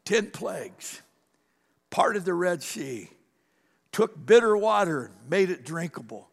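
A male pastor preaching a sermon, telling a story with quoted voices and swinging from loud, rising lines to hushed ones. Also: sits high, sing-song, takes it slowly, vocal fry, pauses often, long reverb tail. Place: church sanctuary.

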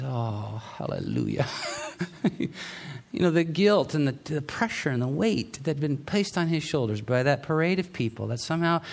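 Man, pastor, sermon, conversational storytelling, middle-aged, mid-range pitch. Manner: conversational storytelling with restarts and laughs.

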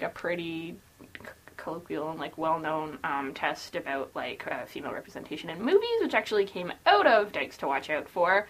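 A woman's voice: medium pitch, a bit bright. A woman co-hosting a casual book podcast, bubbly and giggly, full of fillers. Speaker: podcast co-host.

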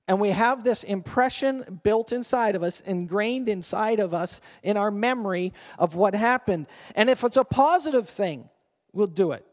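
Male pastor, higher voice, conversational sermon with questions to the congregation, church hall reverb. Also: unhurried. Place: church sanctuary.

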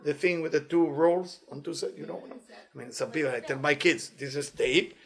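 A man giving a weekly inspirational Torah talk as a teacher, animated and playful, in non-native English phrasing. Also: on the high side, brisk, creaky.

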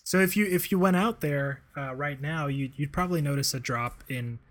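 A man co-hosting a casual podcast. His voice sits a little high for a man, and he rambles in a relaxed way, piling up fillers and chuckles as he talks. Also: normal speed. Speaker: podcast co-host. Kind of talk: casual chat.

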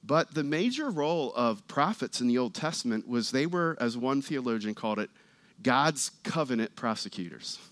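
A man preaching a sermon in a church, talking conversationally and getting louder and more animated as he reads scripture. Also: mid-range voice, normal speed, no room sound. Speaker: pastor.

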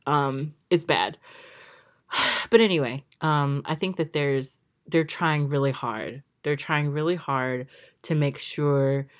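A woman's voice: low voice, slow pace. A woman talking casually about a TV show, chatty and critical, with lots of fillers, restarts and exasperated, sarcastic asides. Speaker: pop culture commentator. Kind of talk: casual spoken review.

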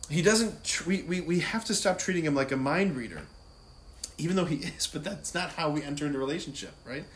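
A man giving an informal Catholic talk, animated and conversational, often laughing and asking "right?". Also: a little high, brisk, slight background noise. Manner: laughs easily while talking. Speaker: Catholic speaker. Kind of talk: casual faith talk.

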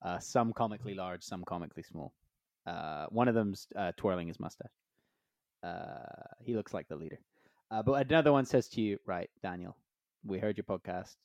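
A man's voice: fairly low pitch, expressive, a little fast, darkish tone, no echo, studio quality. A man co-hosting a comedy podcast, riffing through playful made-up scenarios with lots of filler. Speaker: podcast co-host.

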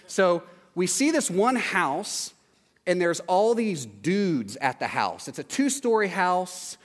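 A man telling a comic anecdote, animated and acting out the voices of the people in it. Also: on the high side, moderate pace. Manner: animated, acts out quoted voices. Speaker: storyteller. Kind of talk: comedic anecdote. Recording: long hall reverb.

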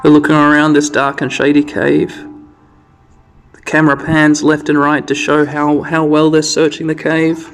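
Brief: male podcast host, gravelly, rambling, relaxed game narration. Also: on the high side, moderate pace, soft background music. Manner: rambling, relaxed, self-correcting. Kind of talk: casual sleep-podcast narration. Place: side entrance of a half-built house.

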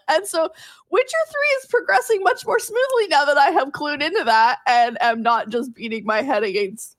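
Chatty, laughing higher-voiced woman. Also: normal speed, no echo, studio quality. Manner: laughs often, swears casually, animated storytelling. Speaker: podcast co-host. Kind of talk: casual gaming chat.

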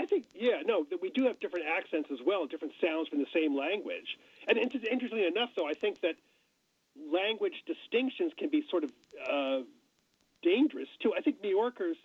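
Husky middle-aged man chatting on radio. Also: on the high side, no room sound. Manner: chatty, musing, many restarts. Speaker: guest. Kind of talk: casual radio conversation. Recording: dull dry radio studio sound.

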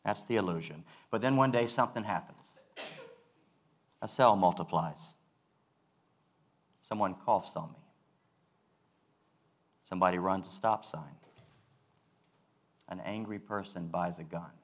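A male pastor giving a sermon, earnest and measured, repeating key phrases for weight. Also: low-pitched.

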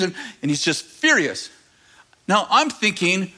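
A man preaching a sermon to a congregation, telling stories and addressing the crowd directly. He grows animated and emphatic, often acting out the voices of the people in his stories. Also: high voice, measured pace. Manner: animated storytelling, rising to emphatic near-shouting. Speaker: pastor.

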